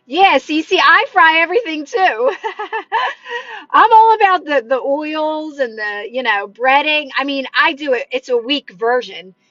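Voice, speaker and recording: A woman's voice: high voice, moderate pace, hardly any pauses, pushed and bright, no room sound, highs cut off. A woman hosting a livestream as a manifestation coach, chatting casually and encouragingly with viewers, with lots of "like" fillers. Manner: chatty and encouraging, many "like" fillers, talks with her hands. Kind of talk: casual livestream chat answering viewer comments. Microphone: phone livestream mic.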